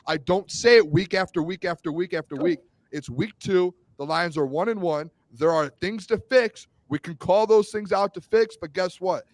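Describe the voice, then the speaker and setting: A man's voice: high voice, fairly bright tone, no room sound, poor audio. A man, co-hosting a sports show, pushing back in a defensive, stammering way. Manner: defensive, protesting, stammering restarts. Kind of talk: heated sports debate.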